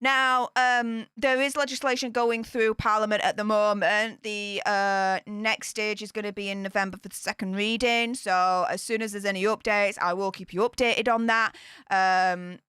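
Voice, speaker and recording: A British woman giving scornful live-stream commentary in an excitable voice that swings between shrieks and mutters. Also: mid-range voice, normal speed, clean tone, no room sound, studio quality. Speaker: royal news commentator.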